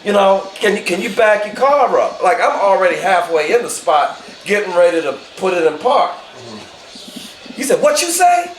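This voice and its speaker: A man, telling an animated story at a family gathering and acting out the voices in it. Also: sits high, moderate pace, a little hiss or hum. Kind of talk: casual storytelling. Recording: roomy, with a crowd.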